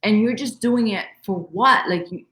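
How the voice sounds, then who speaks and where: A woman speaking as an interview guest, telling a personal story in an animated, emotional way and acting out exclamations. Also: mid-range voice, normal speed. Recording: roomy echo.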